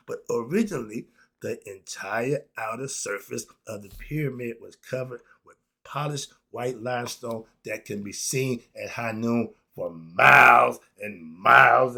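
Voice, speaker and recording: Excitable husky man ranting about history. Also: a little slow. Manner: excitable, swings from loud outbursts to low asides, laughs often. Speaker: history lecturer. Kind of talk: passionate lecture with rants.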